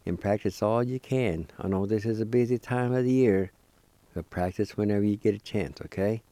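A man teaching a language lesson as host of a weekly program. He spells words out syllable by syllable, repeats them slowly and encourages beginners to practice. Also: lowish voice, dark tone, no room sound.

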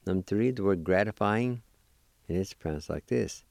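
A man teaching a language lesson, spelling words letter by letter and repeating each pronunciation slowly. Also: sits low, gravelly, darkish tone, no echo.

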